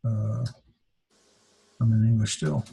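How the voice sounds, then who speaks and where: A man teaching a classroom lesson, speaking haltingly and sounding words out syllable by syllable. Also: fairly low pitch, gravelly, mellow, husky. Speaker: Greek teacher.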